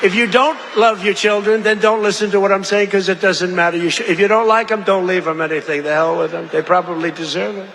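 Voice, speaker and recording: A man's voice: sits high, fairly even intonation, fast, few pauses, fairly bright tone. A man giving a rambling, conversational rally speech with asides to the crowd, in a large venue. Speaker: political speaker at a rally. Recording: long reverb from a large venue, faint crowd ambience.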